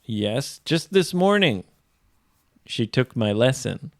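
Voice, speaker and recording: A man co-hosting an English-learning podcast, talking casually, slowly and clearly, explaining phrases as he goes. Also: medium pitch, sing-song, no echo, studio quality. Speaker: podcast co-host and English teacher.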